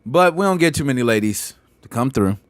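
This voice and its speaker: A man hosting a casual gaming podcast, all slang and quick banter. His pitch swings widely from line to line, and the sound is dry and close with no room around it. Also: no echo. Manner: animated, slangy banter with frequent laughs. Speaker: podcast host.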